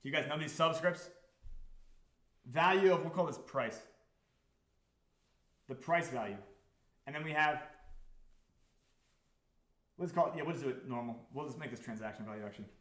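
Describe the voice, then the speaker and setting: A man hosting a livestream about his crypto project, talking to the chat in an excitable, profane, repetitive way. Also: mid-range voice, normal speed, pauses often, roomy sound. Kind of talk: livestream talk to a chat audience.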